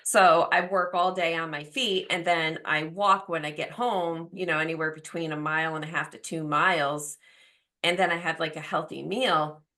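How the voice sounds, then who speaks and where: Forties woman hosting a podcast, chatty and open, bright voice, kinda low. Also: fairly even intonation, moderate pace. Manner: open, chatty, full of fillers. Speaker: podcast host. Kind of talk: casual chat.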